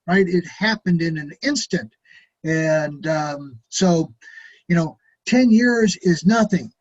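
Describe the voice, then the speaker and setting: A man's voice: high-pitched, a little mellow, muffled recording. A middle-aged man leading a direct sales training, folksy and urging, who acts out sample phone calls to friends.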